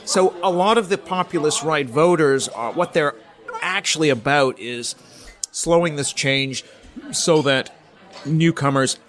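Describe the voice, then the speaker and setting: A middle-aged man from Canada, a politics professor, explaining his ideas in a measured, lecture-like way as a podcast guest, often pausing with ums and restarting his sentences. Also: fairly high pitch, fairly bright tone, soft background music. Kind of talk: podcast interview, academic explanation.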